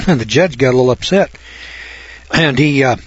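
A man's voice: mid-range voice, expressive, moderate pace, slightly rough. A man giving a rambling, folksy Bible talk, with chuckling asides and jokes at his own expense. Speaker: Bible teacher. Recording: dull dry lo-fi recording.

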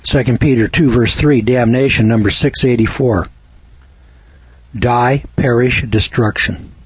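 American man, husky, unhurried preachy monologue host, dull dry lo-fi sound. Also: mid-range voice, no room sound. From United States. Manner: slow, deliberate, spells words out letter by letter; preachy, cites scripture references. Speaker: commentator. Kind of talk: opinionated monologue.

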